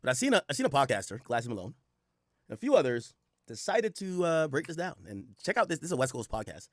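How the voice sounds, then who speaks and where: Man, commentary host, animated profane rant, emphatic repetition, lively pitch, dry close sound. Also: fast talker, no room sound. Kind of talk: reaction commentary.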